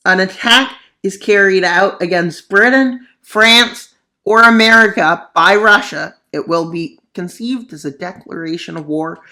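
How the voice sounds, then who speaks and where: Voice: medium pitch, bright, forceful tone. A mapping video narrator giving casual commentary on a war scenario, full of sarcastic, rambling asides.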